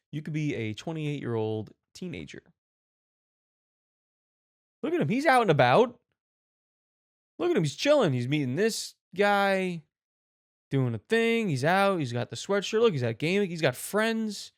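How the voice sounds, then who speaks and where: A man hosting a show, giving mock-serious, animated reaction commentary on videos and swearing casually. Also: mid-range voice. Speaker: host.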